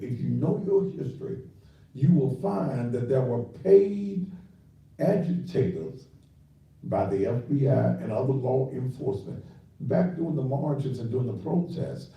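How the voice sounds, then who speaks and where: A man's voice: medium pitch, mellow, very echoey, distant mic, poor audio. An older man hosting a talk show, lecturing his listeners in a preachy, scolding way. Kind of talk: radio commentary.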